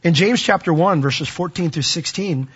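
A man preaching a sermon as pastor, animated, his voice rising for emphasis and dropping to a hush. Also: on the high side, normal speed, husky, dull audio.

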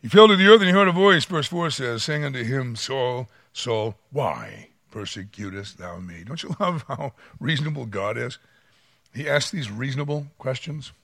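Animated pastor preaching. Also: male voice, fairly high pitch, normal speed, dry recording, clean studio sound. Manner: animated, dramatic voice swings, acts out quotes. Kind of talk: sermon.

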